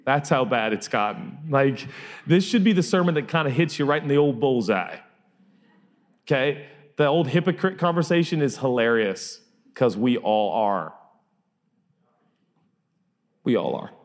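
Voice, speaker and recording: A man's voice: medium pitch, sing-song, normal speed. A man preaching a sermon as pastor, emphatic and repeating phrases for effect, in a large church hall. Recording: long reverb of a large hall.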